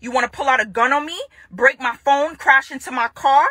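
Jamaican lady vlogging, fired up and repeating herself, bright sharp voice pitched a bit high. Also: fairly quick, no echo. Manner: confrontational, repeats her phrases for emphasis. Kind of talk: direct-to-camera vlog rant.

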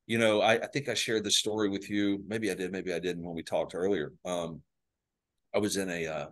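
Male, very low voice, psychologist guest, podcast storytelling, earnest, filler-heavy. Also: steady tone, brisk, fairly bright tone.

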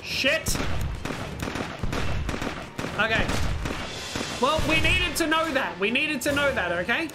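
A woman hosting a let's play, thinking aloud as she plays, excitable and swearing freely. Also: high-pitched, slow, pauses often, loud music behind the voice. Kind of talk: gameplay commentary.

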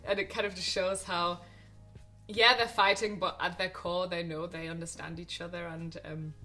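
A young woman chats about films she loved, gushing and full of little ums and restarts. Her voice is bright and clear, with a touch of soft music underneath. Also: fairly low pitch, level tone, normal speed. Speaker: film vlogger. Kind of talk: casual film recommendations to camera.

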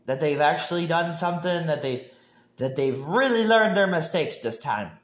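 A man's voice: on the high side, lively intonation, moderate pace. A young man ranting casually about football, rambling with many restarts and heated outbursts. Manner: bursts into shouting and laughter. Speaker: sports vlogger. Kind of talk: casual sports rant.

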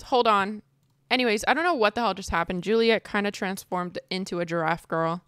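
A young woman giving casual let's-play commentary, chatty and excitable, squealing at cute moments. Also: medium pitch, fairly quick, smooth, soft background music. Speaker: gaming video creator.

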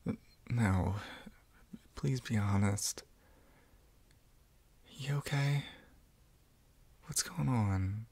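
A man in a whispered role-play, speaking gently and reassuringly as a supportive roommate. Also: on the low side, extremely slow, gravelly, pauses often, husky. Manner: gentle, reassuring, soft-spoken. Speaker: ASMR roleplayer.

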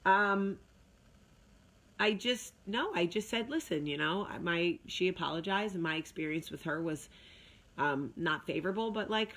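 A woman speaks straight to her viewers in a casual, motivational talk. Her voice sits a little low, and her delivery is chatty and emphatic. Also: a bit bright. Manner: chatty, emphatic, with sung asides. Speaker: vlog host.

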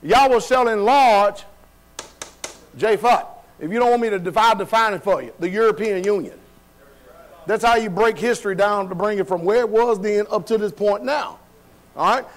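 With a high-pitched voice and a slightly fast pace, a man delivers a colloquial sermon in a church hall. He keeps quizzing the congregation call-and-response style and laughs between points.

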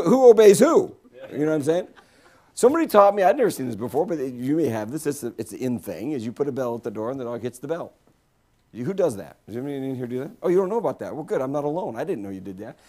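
A man's voice: on the high side, mellow. A man preaching a guest sermon in a church, joking with the congregation and bringing people up to take part. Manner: jokey, playful, talks to the congregation. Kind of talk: humorous sermon with audience interaction. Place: church sanctuary.

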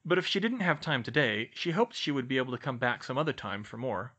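A man reading a fan fiction audiobook aloud in steady storytelling narration. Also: quick pace, slightly rough. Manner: steady storytelling, lively pitch. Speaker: audiobook reader.

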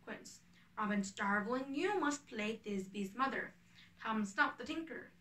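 A woman reading the part of a fussy male carpenter who directs a village play, handing out names and parts in order, with a bright voice in an echoey room. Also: on the high side, expressive, a little slow, distant mic. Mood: bossy. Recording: echoey room, away from the mic.

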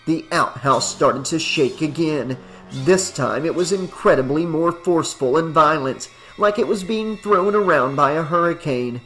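Brief: male audiobook narrator, steady delivery, slightly raised pitch. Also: measured pace, soft background music. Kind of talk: audiobook narration of horror fiction.

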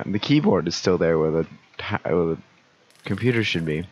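A man's voice: low voice, animated, moderate pace, slightly rough. A tired young man with a sore throat, talking through a video game in late-night commentary, groggy and joking at his own expense. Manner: tired, groggy, self-mocking. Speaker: gameplay commentator.

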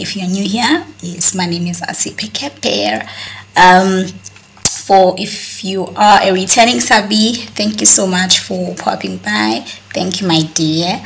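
A woman's voice: mid-range voice, a bit bright, rough recording. A young South African woman with a South African accent, chatting casually to viewers in a vlog and often repeating herself. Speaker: vlogger.

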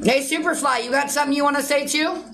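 A woman's voice: sits high, steady tone, fast, creaky, background noise. A woman chatting casually on a livestream, answering viewer comments and turning snappy at rude ones.

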